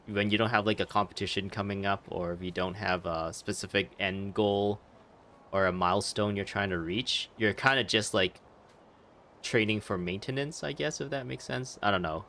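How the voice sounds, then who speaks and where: A man's voice: sits low, pushed and bright, a little hiss or hum. A man chatting casually over gameplay, rambling and laughing often. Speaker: game streamer. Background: game audio.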